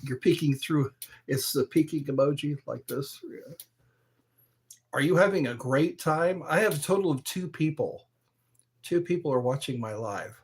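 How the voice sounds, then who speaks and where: A man hosting his own live stream, chatting slowly and aimlessly, greeting viewers by name and trying to recall old movies. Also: on the high side. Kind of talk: rambling live stream chat.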